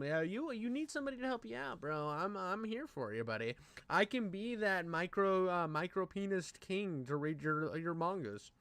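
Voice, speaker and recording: A man's voice: sits high, lively intonation, moderate pace, a bit bright, smooth, no echo. A young man streaming, rambling and joking crudely with lots of swearing as he reacts to a video. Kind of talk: casual reaction commentary.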